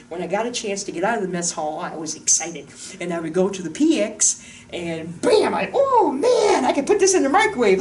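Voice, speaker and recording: A chatty woman wellness coach talks through a diet list with lots of jokes and a lively, swooping pitch. She stands a little back from the mic, and faint room noise hums underneath. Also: recorded from a distance. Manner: chatty, joking, animated. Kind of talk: casual diet talk to camera. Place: room with a whiteboard.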